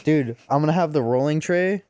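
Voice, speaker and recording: A man's voice: on the high side, brisk, darkish tone. A young man co-hosting a podcast, laid-back and slangy. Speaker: podcast co-host. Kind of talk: casual chat.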